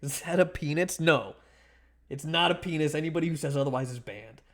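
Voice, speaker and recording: Playful young male streamer, slightly high voice. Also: fairly quick, a bit bright. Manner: playful, teasing, rambling with frequent restarts and laughs. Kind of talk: casual livestream chat while sculpting.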